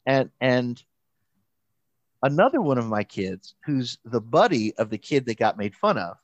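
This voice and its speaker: A man telling a camp story in a casual chat, mid-pitched and close to the mic. He talks in an animated, halting way, restarting his sentences and slipping into quoted voices. The room is dry, with no echo. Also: highs cut off. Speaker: pastor and camp counselor.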